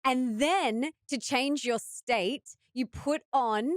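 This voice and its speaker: A woman's voice: sits high, slow, no room sound, clean studio sound. A woman with an Australian accent hosting an interview, responding enthusiastically. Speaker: host. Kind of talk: conversational interview.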